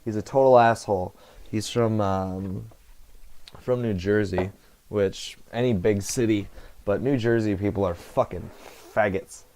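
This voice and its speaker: Speaking at a measured pace in a lowish, darkish voice, this young vlogger wanders through a casual to-camera ramble. He curses frequently and keeps correcting himself, using a computer headset setup.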